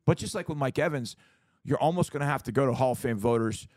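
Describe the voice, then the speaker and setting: A middle-aged man co-hosting a sports talk show, making his case in a lively, casual way, often acting out what others would say. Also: mid-range voice, fast talker, dry recording. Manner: animated, acts out quoted voices, repeats words.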